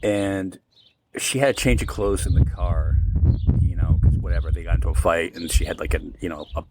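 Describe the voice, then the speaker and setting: A man's voice: deep voice, fairly quick, background noise. A man co-hosting a podcast, telling a long, rambling story casually and acting out the quoted lines. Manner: rambling, animated retelling with quoted dialogue. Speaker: podcast co-host.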